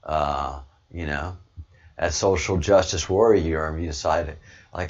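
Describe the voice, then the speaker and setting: A man's voice: a bass voice, unhurried, highs cut off. A man with a Southern American accent talking in a rambling casual monologue, often restarting and calling his listeners brother. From Southern United States. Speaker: online commentary host.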